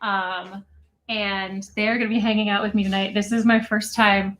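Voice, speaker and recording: A woman's voice: medium pitch, flat delivery, normal speed, a bit bright, rough recording. A woman hosting her own music livestream, chatting casually and laughing between songs in a rented house with friends. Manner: chatty, laughs easily, rambling asides. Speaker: singer-songwriter livestream host.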